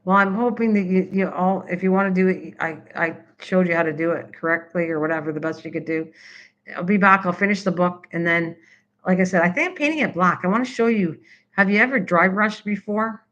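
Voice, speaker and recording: An older woman from Canada hosts a homey craft live stream, talking in a loose, rambling way as she reacts to viewers' messages. Her voice is bright and forward. The sound is dull and lo-fi, like a basic home setup. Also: fairly low pitch, a little fast. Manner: rambling, chatty, answers typed comments.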